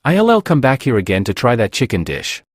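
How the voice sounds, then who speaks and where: A man's voice: mid-range voice, wildly swooping pitch, moderate pace, no echo, studio quality. A man reading a food-loving young woman. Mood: dramatic.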